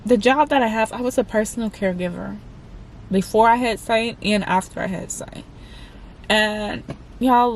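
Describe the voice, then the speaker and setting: A vlogger in her twenties shares a candid personal story with her viewers, chatting haltingly and often addressing them as "y'all." Her voice is mid-range, and there's background noise.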